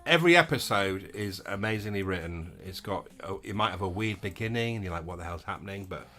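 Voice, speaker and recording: A man's voice: low voice, lively intonation, fast, sharp tone, soft background music. A man co-hosting a casual chat, talking with enthusiasm about favourite old episodes. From England. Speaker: co-host.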